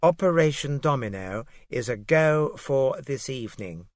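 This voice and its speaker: A man putting on a prim, aloof young secretary with a posh English accent, clipped and quiet in delivery. The voice stays at a middling pitch, dry and close like a studio audiobook read. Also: animated, unhurried, dry recording, natural voice.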